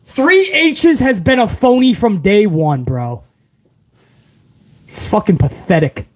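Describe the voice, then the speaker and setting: A man's voice: sits high, animated, takes it slowly. A man hosting a casual live stream, reading out viewer comments and ranting with a lot of profanity, calling everyone bro.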